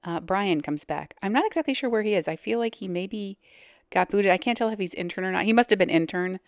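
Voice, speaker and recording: A woman's voice: medium pitch, quick pace, no echo, clean studio sound. A woman hosting a reaction video, giving blunt casual commentary with frequent hesitations. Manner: blunt, hesitant with many ums.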